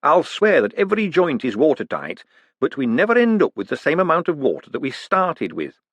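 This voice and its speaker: Excitable small-man economist, voiced by a male reader, bright raised pitch, storybook. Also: fairly quick, dry recording, heavily acted. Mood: earnest. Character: eager fussy little male economist.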